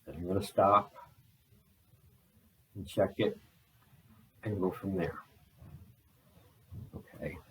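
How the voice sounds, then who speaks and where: A man talking in a rambling video journal, holding back a restless energy and slowing himself down on purpose. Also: deep voice, recorded from a distance, a little hiss or hum, low-quality recording. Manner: restless, deliberately slowed and restrained delivery; frequent fillers and restarts. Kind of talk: rambling personal journal talk. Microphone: laptop.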